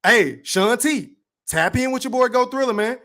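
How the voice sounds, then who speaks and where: Podcast guy going off on stream, cussing, shouting out donors, voice jumps high and low, aave. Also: moderate pace. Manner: profane, animated, hypes donations with shout-outs. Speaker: podcast host. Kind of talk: livestream podcast rant.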